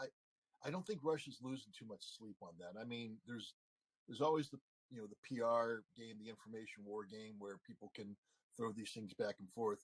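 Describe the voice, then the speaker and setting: A man's voice: mid-range voice, husky, low-quality recording. A middle-aged man giving emphatic answers as an interview guest, with frequent filler phrases. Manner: emphatic, frequent "you know" and "I mean" fillers. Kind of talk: casual spoken analysis.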